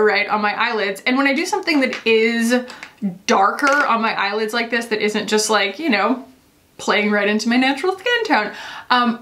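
A woman's voice: a little high, a bit bright. A woman in a casual makeup tutorial, talking in a rambling, chatty way full of "like" while she applies makeup. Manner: chatty, rambling, many "like" fillers; explains while applying makeup. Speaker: beauty vlogger.

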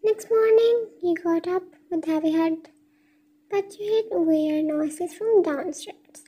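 A woman's voice: very high voice, takes it slowly, warm tone, rough recording. A woman reading a fan fiction story aloud, speaking the speaker tags and stage cues along with the text.

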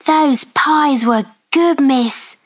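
A woman's voice: high voice, very slow, pitched above the performer's own voice. Woman putting on a quavering servant girl. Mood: amazed. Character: timid young servant girl, excitable.

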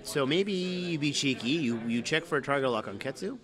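A man commentating a tabletop game live at a convention with dry, deadpan sarcasm. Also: on the high side, fairly quick. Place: convention hall. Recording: crowd noise behind. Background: crowd chatter.

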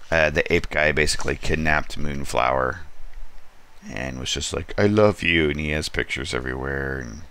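Very deep-voiced man reviewing a comic. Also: normal speed, vocal fry. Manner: relaxed, rambling, frequent ums and asides. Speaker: comic book reviewer and host. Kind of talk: casual comic review monologue.

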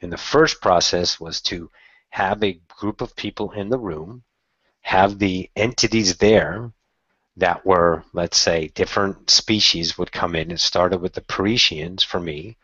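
Low husky man telling his story. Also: unhurried, no echo, highs cut off. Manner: candid and excitable, swears casually. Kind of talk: casual personal storytelling.

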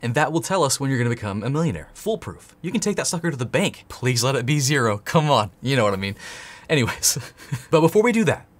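A man's voice: mid-range voice, very animated, quick pace. A man hosting a tech tutorial, playful and jokey, talking straight to the viewer as he types. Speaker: tech course host. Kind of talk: energetic screen-share tutorial.

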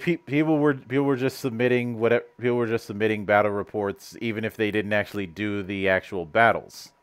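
Rambling male podcast host, stop-start. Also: mid-range voice. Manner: rambling, with frequent restarts and stammered repeats. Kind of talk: casual podcast chat.

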